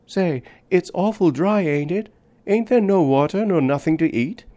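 A man's voice: high voice, animated, moderate pace, dark tone, voice pushed up. A man reading aloud, voicing an earnest five-year-old girl with a childish voice and old-fashioned, folksy speech.

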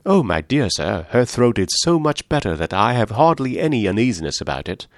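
A man voicing an eager, affectionate young mother who chats warmly. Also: on the low side, dry recording, studio quality.

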